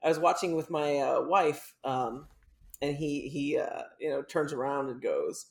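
A man's voice: a little high, unhurried, creaky. A man cohosting a podcast, telling rambling anecdotes with restarts. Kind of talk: casual chat.

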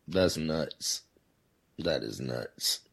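Lively, laughing male podcast host. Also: rumbling low, extremely slow, vocal fry, slightly rough. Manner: laughs often, exclaims and repeats himself. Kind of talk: casual chat, asking questions.

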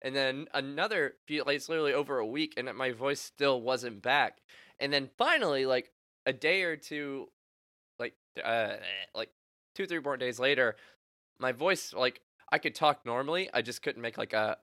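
A young man co-hosting a podcast, chatting casually and telling animated stories with lots of laughter and acted-out quotes. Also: medium pitch, moderate pace, no room sound, studio quality. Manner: laughs often, animated storytelling with voiced quotes. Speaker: podcast co-host. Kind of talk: casual chat.

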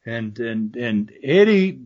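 A man's voice: medium pitch, slow pace. An older man with a Southern US accent, a former wrestler and promoter telling folksy stories in a casual interview. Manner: folksy, animated storyteller who swears mildly. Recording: muffled lo-fi audio.

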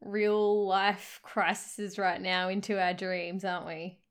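A woman's voice: medium pitch, level tone, takes it slowly, smooth. A woman, co-hosting a casual podcast chat, teasing and giggly. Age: late 20s. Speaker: podcast co-host.

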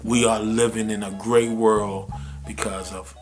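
A man hosting a podcast in casual chat, animated and slangy, laughing often and mimicking people. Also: fairly low pitch, a little slow, soft background music. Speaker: podcast host.

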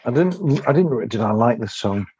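A man's voice: mid-range voice, animated, normal speed, a little mellow, slight background noise. A man co-hosting a casual podcast, rambling and hesitant as he stops to think. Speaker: podcast co-host. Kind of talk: casual chat reviewing songs. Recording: muffled lo-fi mic.

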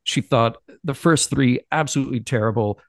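A man joining a podcast chat who tells thoughtful anecdotes, often pausing and restarting his sentences. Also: medium pitch, no echo, clean studio sound. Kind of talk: casual chat.

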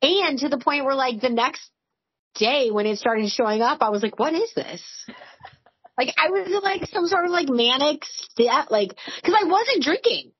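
A woman's voice: sits high, lively intonation, normal speed, dry recording, muffled recording. A woman in her forties, a podcast co-host, telling candid stories in casual chat, full of "like" and swearing. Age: 40s. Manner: candid, swearing, storytelling with lots of "like".

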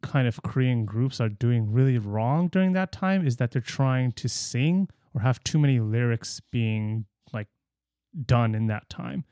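A man with a mellow, dark voice at a middle pitch, chatting casually about music. He hedges and stumbles over restarts, and the sound is close and dry. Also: lively intonation, unhurried, no room sound. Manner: hedging, stammering restarts. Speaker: podcast co-host. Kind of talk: casual music review chat.

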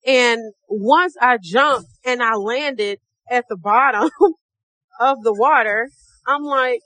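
Woman podcast host, middle-aged, AAVE, croaky tone, pitched a bit high, motivational and chatty. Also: takes it slowly, bright, forceful tone, no echo. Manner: encouraging, calls listeners baby and sis; acts out her own thoughts in a higher voice. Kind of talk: casual motivational podcast talk.

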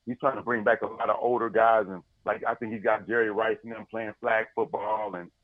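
A man's voice: fairly low pitch, brisk, no room sound, narrow, tinny audio. A man co-hosting a podcast, telling a story in casual sports chat with lots of energy and paraphrase. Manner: animated storyteller, paraphrasing and laughing. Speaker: podcast co-host.

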